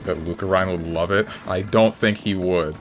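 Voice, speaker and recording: A man streaming a game, talking in a dry, low-key way to his chat, with sudden high yelps when he gets hit. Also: fairly even intonation, moderate pace, a little hiss or hum. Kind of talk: casual gameplay commentary. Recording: game music behind the voice. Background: faint game music.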